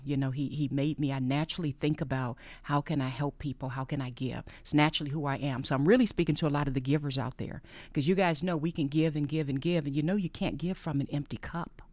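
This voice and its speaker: This podcast host delivers an earnest, faith-based monologue, repeating phrases for emphasis and often dropping into a breathy whisper. The voice sits in the mid range with a slightly mellow quality, and the recording is dry.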